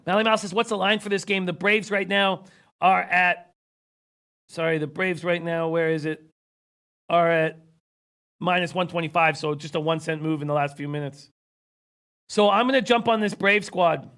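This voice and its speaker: High-pitched man losing his voice. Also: fairly even intonation, normal speed, pauses often, fairly bright tone. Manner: reads viewer comments, rattles off stats. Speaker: sports betting show host. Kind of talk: casual sports betting talk.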